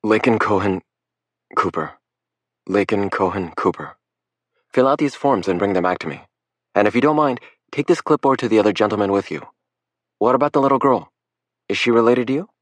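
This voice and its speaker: Man voicing a brisk woman nurse at a desk, a touch raised. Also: on the low side, no room sound, pitched above the performer's own voice, lightly acted.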